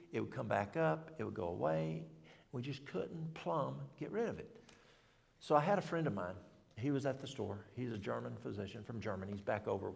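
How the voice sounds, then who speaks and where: A middle-aged man gives an informal health talk in a church hall, rambling folksily and correcting himself along the way. His mid-range voice has vocal fry and a slightly mellow quality. The room adds a long hall reverb.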